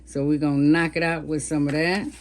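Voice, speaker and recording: A woman's voice: low-pitched, little pitch movement, brisk, a little hiss or hum. Chatty woman cooking. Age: over 50. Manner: chatty, talks to viewers while cooking. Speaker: cooking vlogger. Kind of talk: casual cooking vlog.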